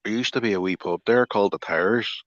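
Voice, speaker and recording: A man's voice: fairly low pitch, fast, muffled recording. A man on a casual livestream chat who keeps asking the host questions in a friendly way. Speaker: livestream guest.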